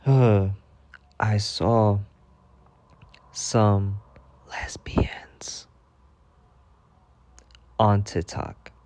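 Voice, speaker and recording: A man's voice: on the low side, a little slow, vocal fry, long pauses, dark tone. A young man telling a mock-dramatic storytime rant in slangy, swear-filled casual talk. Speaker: storytime vlogger.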